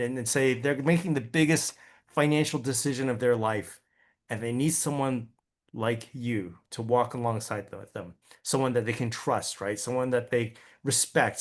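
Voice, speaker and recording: In a medium-pitched voice, this man chats his way through a training talk aimed at real estate agents. He often stops to check on his audience with a habitual "right?", tripping over and repeating words as he goes.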